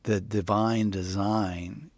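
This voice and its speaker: A man's voice: on the low side, steady tone, takes it slowly, no echo. A man co-hosting a podcast, talking through faith ideas in a reflective, casual way and often restarting his thoughts. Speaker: podcast co-host.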